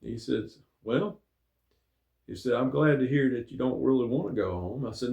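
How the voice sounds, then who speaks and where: A man's voice: medium pitch, normal speed, creaky, dark tone. A middle-aged man, host of his own show, telling a rambling personal story in a folksy, casual way with many fillers. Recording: echoey room.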